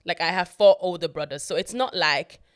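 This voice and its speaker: A woman co-hosting a podcast, speaking in a relaxed, reflective way with soft laughs. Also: lowish voice, a little fast. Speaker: podcast co-host and mother. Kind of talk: conversational podcast chat.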